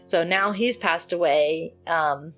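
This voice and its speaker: Woman, low voice, podcast co-host, animated film recap, faint music. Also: slow. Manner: animated storyteller, acts out characters' lines. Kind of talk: casual chat recapping a film.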